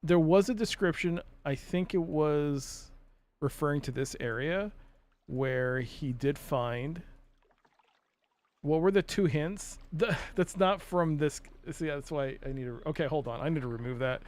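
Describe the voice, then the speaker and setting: A man's voice: on the high side, moderate pace, darkish tone. A man streaming a puzzle game live, thinking aloud in a rambling, self-mocking way and chatting with viewers. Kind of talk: casual live-stream commentary.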